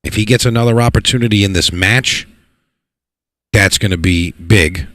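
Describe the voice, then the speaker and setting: Man, live pool commentary, very low voice, dry close sound, excitable, repeats words. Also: moderate pace, dry recording. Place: pool hall.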